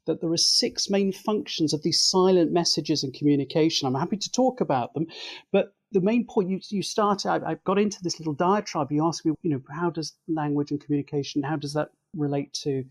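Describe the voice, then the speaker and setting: A man's voice: on the high side, a little fast. A man speaking as an expert guest in an interview, explaining his points in a methodical, lecturing way.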